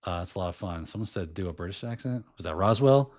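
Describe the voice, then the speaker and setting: A middle-aged man hosting a podcast in casual chat, hoarse and losing his voice, rambling and slipping into put-on accents. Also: deep voice, animated, fast, darkish tone. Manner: chatty and rambling, often breaking into put-on accents. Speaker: podcast host.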